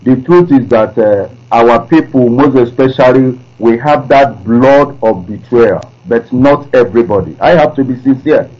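A man's voice: medium pitch, moderate pace, few pauses, a little mellow. A man from Nigeria calling in to a radio show, speaking earnestly with frequent hesitations. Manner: earnest, hesitant with many uh fillers. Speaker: caller. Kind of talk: call-in radio talk. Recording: dull lo-fi internet call line.

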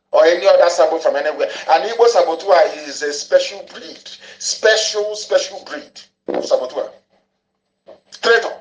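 Ranting high-voiced man. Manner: angry, ranting, repeats phrases for emphasis. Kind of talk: impassioned broadcast monologue. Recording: echoey room, dull lo-fi audio.

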